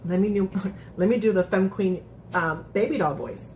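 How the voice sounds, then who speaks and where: Chatting with her viewers during a casual live-stream recap, a woman laughs a lot and keeps restarting sentences. She has a medium-pitched, darkish voice at a moderate pace, and the echoey room recording carries a little hiss or hum.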